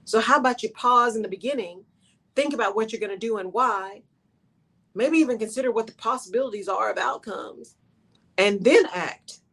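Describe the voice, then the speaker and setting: A woman's voice: a little high, moderate pace, fairly bright tone. A woman hosting a talk radio show, speaking in an emphatic monologue that repeats its key phrases and keeps checking in with "right?".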